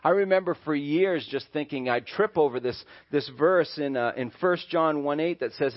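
A man's voice: fairly high pitch, moderate pace, few pauses. A man preaching in a muffled recording. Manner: conversational preaching with acted-out voices. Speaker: pastor. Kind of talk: sermon. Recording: dull lo-fi church recording.

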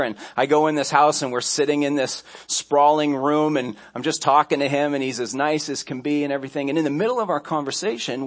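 A man pastor delivering a sermon, telling stories conversationally, with restarts and asides along the way. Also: mid-range voice.

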